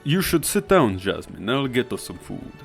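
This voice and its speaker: A man voicing a cold, aloof young male snowboarder in a put-on Russian accent, curt and loud. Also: medium pitch, sing-song, normal speed, vocal fry, faint music behind. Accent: fake Russian.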